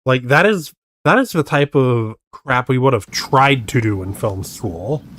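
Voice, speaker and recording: A man's voice: medium pitch, animated, measured pace, fairly bright tone, a little hiss or hum. A man streaming casual reaction commentary, skeptically picking apart how a video was faked. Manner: skeptical, picks apart tricks.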